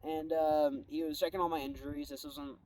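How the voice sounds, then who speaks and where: A man's voice: fairly high pitch, very animated, fairly quick, vocal fry, a little mellow. Laid-back young guy telling a story. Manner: rambling, laid-back, says "bro" and "like" often. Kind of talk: casual storytelling. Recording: a bit distant from the mic, faint background noise.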